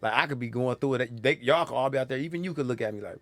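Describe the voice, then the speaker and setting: A man's voice: medium pitch, racing, no room sound. A young man, a comedian, telling stories from his life in a casual chat, acting out the lines of people in them. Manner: animated, acts out quoted lines. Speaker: comedian guest.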